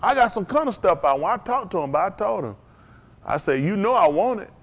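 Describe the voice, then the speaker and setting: A man preaching to a congregation, calling out to them and rising to shouts. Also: sits high, sing-song, a little fast. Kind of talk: sermon.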